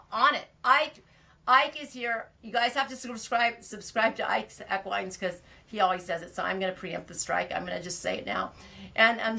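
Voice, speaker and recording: A bright, clear-toned American woman hosts a relaxed live stream. She rambles from topic to topic, greets viewers one by one, and laughs easily. Her pitch sits in a typical middle range. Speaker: livestream host of a knitting and farm channel. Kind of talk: casual live-stream chat.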